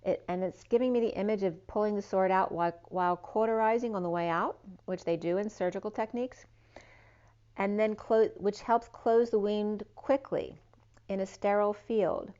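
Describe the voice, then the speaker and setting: A woman's voice: mid-range voice, steady tone, moderate pace, warm tone, highs cut off. A woman giving a spiritual tarot reading, wandering from one association to the next with frequent ums and trailing asides. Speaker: tarot reader.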